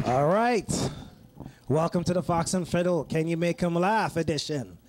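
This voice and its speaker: A man with a high voice acts as emcee in a small pub, bringing up the comics with upbeat announcer patter. A faint hiss sits under his voice. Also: animated, normal speed. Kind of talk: introducing comics.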